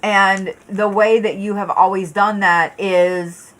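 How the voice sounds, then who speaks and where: Reading tarot live, this woman talks slowly in a mid-range, slightly bright voice with fairly even intonation. She sounds tired, yawning as she goes, and her chat with viewers is blunt, profane and casual, full of filler words and false starts.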